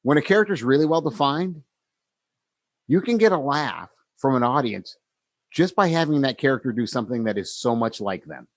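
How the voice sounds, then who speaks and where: A man's voice: medium pitch, expressive, normal speed, no echo. A man co-hosting a casual podcast, talking reflectively with many fillers and restarts. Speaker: podcast co-host.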